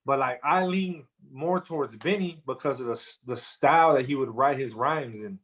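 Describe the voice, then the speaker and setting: A man's voice: mid-range voice, normal speed, fairly bright tone. A man guest on a podcast, telling a story loosely with lots of slang and fillers. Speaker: rapper guest. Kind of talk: casual interview storytelling.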